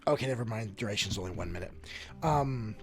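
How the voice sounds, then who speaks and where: Guy playing a tabletop game, halting, repeats himself, voice jumps all over, faint music behind. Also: fairly low pitch, expressive. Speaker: player. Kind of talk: casual tabletop game play.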